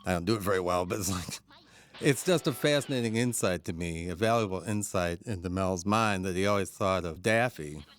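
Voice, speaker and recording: Deep-voiced male commentator, enthusiastic and anecdotal, laughing between remarks. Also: brisk, a bit bright. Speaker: film commentator. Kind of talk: audio commentary on a cartoon.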